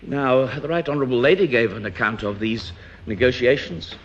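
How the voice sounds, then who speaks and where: A man speaking in a parliamentary debate as an opposition politician, rhetorical and emphatic, with pauses and restarts. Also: mid-range voice, a little hiss or hum. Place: House of Commons debating chamber. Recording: dull archive parliamentary broadcast.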